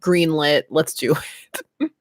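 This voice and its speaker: A woman's voice: sits low, slow, no room sound, studio quality. A woman hosting a livestream, chatting casually and giggling often. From Canada. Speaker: livestream host.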